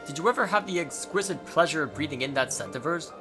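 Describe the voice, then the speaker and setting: A man voicing a pompous talking armoire with a slow, grand and formal manner. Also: fairly high pitch, expressive, music in the background, natural voice.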